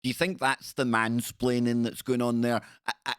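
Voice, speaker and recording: A male talk-show host reacts to news footage in a sarcastic, indignant tone, doubling back on his words as he goes. His voice sits at an ordinary middle pitch. The sound is close and dry, with no room echo. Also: level tone, moderate pace, fairly bright tone, clean tone. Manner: indignant, sarcastic, repeats himself. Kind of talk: live-show commentary on video clips.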